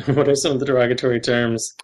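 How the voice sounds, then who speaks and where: A man's voice: medium pitch, little pitch movement, fast, low-quality recording. Wry, teasing man co-host. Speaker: podcast co-host. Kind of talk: casual podcast banter.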